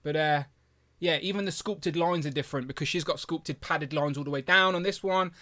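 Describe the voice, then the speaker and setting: A man's voice: on the high side, a little fast. A man hosting a live stream, chatting casually and enthusiastically with lots of fillers. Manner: animated, with big jumps in loudness. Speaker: host of a toy review live stream.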